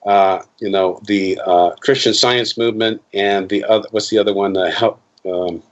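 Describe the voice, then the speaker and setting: Man, 50s, interview guest, rambling, self-correcting, animated storyteller, muffled lo-fi sound. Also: on the low side, moderate pace. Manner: rambling, with many restarts and fillers; animated, acting out quoted voices. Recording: dull lo-fi interview recording.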